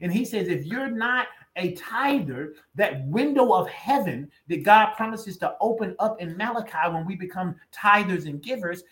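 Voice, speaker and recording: Male co-pastor, high voice, emphatic conversational preaching that drives points home by repetition. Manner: emphatic, repeating lines for weight. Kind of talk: conversational sermon.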